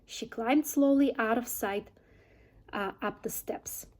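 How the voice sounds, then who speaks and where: A woman reads a children's chapter book aloud, then quizzes her listeners. She speaks clearly and patiently in a slightly higher voice. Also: slow, a little mellow. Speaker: storybook reader. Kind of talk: reading a chapter aloud with quiz questions.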